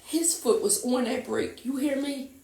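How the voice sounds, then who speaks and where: Woman telling a heavy story slow, keeps restarting, sounds far off in an echoey room. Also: sits high, creaky, dark tone, a little hiss or hum. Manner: halting, repeats herself, acts out quotes. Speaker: guest telling her story. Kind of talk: emotional personal storytelling.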